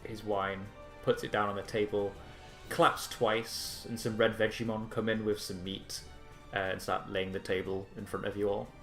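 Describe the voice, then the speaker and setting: A man narrating as game master in a relaxed way with many fillers. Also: fairly low pitch, normal speed, soft background music. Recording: echoey room.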